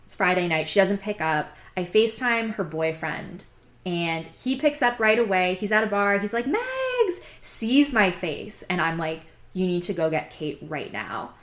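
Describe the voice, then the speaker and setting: A woman's voice: lowish voice, lively intonation, normal speed, fairly bright tone. A young woman casually telling a personal story, rambling and candid, with many fillers. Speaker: podcast host telling her own story.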